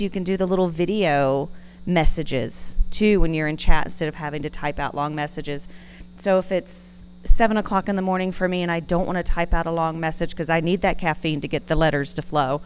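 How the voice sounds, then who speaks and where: A woman's voice: lowish voice, darkish tone, slight background noise, poor audio. Friendly woman commenting from the audience. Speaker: audience member. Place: conference room.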